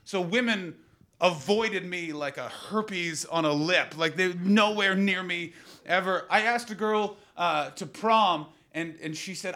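A man in his thirties from Canada runs a live improvised comedy podcast in a small room. He talks in a slightly high voice, riffing profanely with the audience and breaking into sudden shouts. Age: 30s. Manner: brash, profane, rapid riffing that bursts into shouting. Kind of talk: live improvised stand-up with crowd work.

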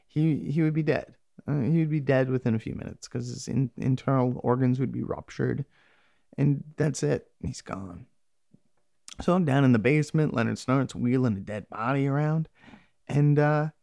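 A man's voice: mid-range voice, vocal fry, a little mellow, dry recording. A man casually recapping a TV episode, rambling and profane, with sarcastic asides.

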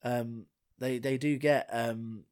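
A man co-hosting a casual podcast chat, talking animatedly and restarting his sentences as he gets excited. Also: mid-range voice, takes it slowly. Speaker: podcast co-host.

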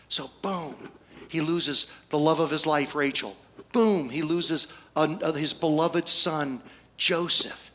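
A male pastor preaching a storytelling sermon, folksy, with humorous asides and pauses for effect. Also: on the high side, fairly bright tone.

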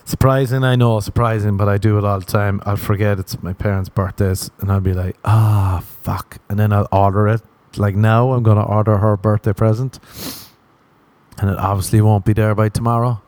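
Man, comedian, podcast monologue, lowish voice, crude and self-mocking, dry close mic. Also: steady tone, fairly quick, a little mellow, dry recording. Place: city in the western US.

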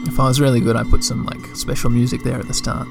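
A man reading a children's story aloud, with relaxed, chatty asides in between. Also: mid-range voice, fast talker, creaky, loud music behind the voice. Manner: relaxed, chatty, self-deprecating.

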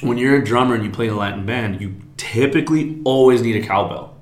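A man's voice: medium pitch, echoey room. A man, a drummer, rambling goofily as a guest on a casual podcast. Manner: rambling, goofy, quick to laugh.

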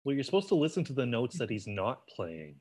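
A man's voice: mid-range voice, very animated, brisk, very noisy. A man appearing as a guest on a podcast, speaking in casual chat with dry, joking remarks.

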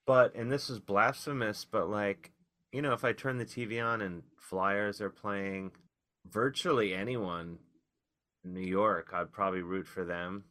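A man, a comedian guest, telling rambling, wry stories in casual podcast chat with animated outbursts. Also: lowish voice, measured pace.

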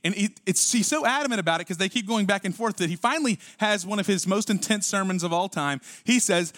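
A man's voice: sits high, fast talker, dry recording, clean studio sound. Conversational man preaching a sermon. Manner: conversational preaching with rhetorical questions and sudden drops to a quiet voice. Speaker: pastor.

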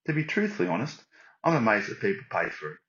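A man's voice: lowish voice, wildly swooping pitch, fast talker, fairly bright tone. Man in a put-on Australian accent. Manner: tongue-in-cheek, mock-boastful monologue. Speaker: surf writer in a voice note. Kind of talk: recorded voice message. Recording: lo-fi voice note.

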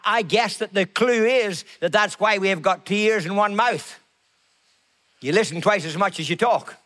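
A middle-aged man preaching a sermon as a pastor, slow and emphatic, repeating his phrases. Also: sits high, a bit bright.

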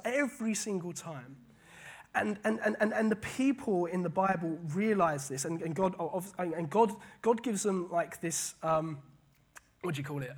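A man preaching a casual sermon, animated, often repeating words and paraphrasing scripture. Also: on the high side, breathy edge.

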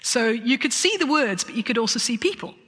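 A woman giving a lively, self-mocking testimony talk, with chuckling asides. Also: fairly high pitch, fairly quick, slightly rough. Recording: long hall reverb.

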